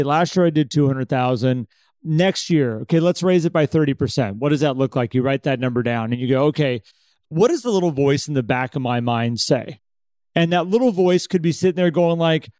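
A man's voice: fairly high pitch, no echo. A man co-hosting a casual podcast chat, talking with energy and acting out an inner voice. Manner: animated, acts out an inner voice. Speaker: podcast co-host.

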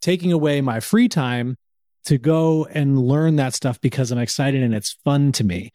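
A man's voice: medium pitch, normal speed, warm tone, no room sound, studio quality. A man co-hosting a casual podcast chat, earnestly giving advice. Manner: earnest, advising. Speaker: podcast co-host.

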